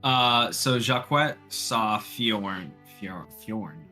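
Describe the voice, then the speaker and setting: A man describing his character's actions in a tabletop game, relaxed and rambling. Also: fairly low pitch, drawn-out words, faint music behind. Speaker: player.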